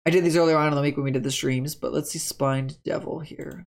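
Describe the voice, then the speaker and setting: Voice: medium pitch, steady tone, quick pace, gravelly. A tabletop game creator casually explaining monster stats in a chatty, rambling way, often stopping to correct themselves.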